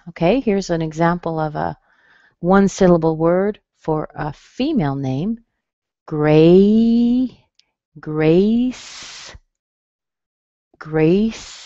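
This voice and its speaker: Slow, patient American woman teaching. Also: lowish voice, warm tone, no room sound, highs cut off. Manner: slow, clear and patient, modeling sounds. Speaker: pronunciation teacher. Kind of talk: webinar lesson.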